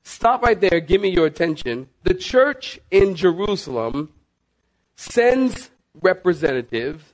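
A middle-aged man, a pastor, preaching a sermon with emphatic repeats of "listen" and sudden shifts between rushing and slowing down. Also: high-pitched, sing-song. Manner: emphatic, repeats "listen" and "saints", varies pace sharply.

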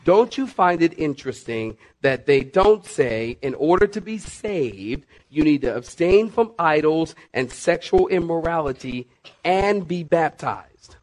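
A middle-aged male pastor preaches with an emphatic, pressing delivery. He keeps calling on his listeners and swings between quick runs and slow, stressed words. His voice sits fairly high for a man. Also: animated, a little mellow. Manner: emphatic, repeats "listen" and "saints", varies pace sharply. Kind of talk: sermon.

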